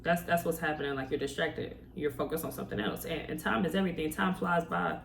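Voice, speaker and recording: This vlogger has a deep, creaky voice and a steady tone, speaking at a quick pace in a motivational story-time video. She addresses the camera conversationally, hitting viewers with rhetorical questions. Her mic is distant, the room echoes, and faint ambience mixes with slight background noise.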